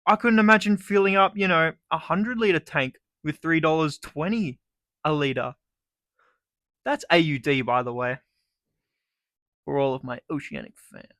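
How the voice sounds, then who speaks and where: Young aussie guy ranting, sarcastic and sweary, high bright voice, dry sound. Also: moderate pace, pauses often, dry recording. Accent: Australian. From Australia. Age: young adult. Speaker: vlogger. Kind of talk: comedic rant.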